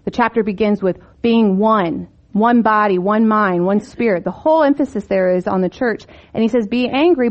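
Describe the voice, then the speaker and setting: A woman's voice: on the high side, highs cut off. A woman giving a casual Bible teaching, conversational, posing rhetorical questions and rising for emphasis.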